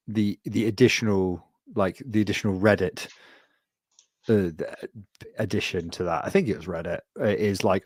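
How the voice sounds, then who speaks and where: A man chatting casually on a podcast, rambling through animated stories with lots of restarts. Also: on the low side, a little fast, dry recording. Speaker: podcast co-host.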